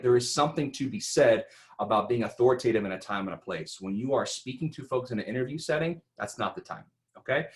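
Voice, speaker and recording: Man, instructional talk, animated, rhetorical questions, mid-pitched voice. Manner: animated, rhetorical, keeps asking "right?". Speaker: presenter. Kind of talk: instructional talk on public speaking.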